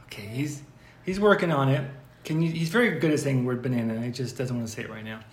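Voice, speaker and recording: Young dad, podcast host, gentle coaxing voice, mid pitch, echoey room. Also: male voice, fast talker. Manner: gentle, coaxing, patient prompting. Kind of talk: casual home podcast with his toddler.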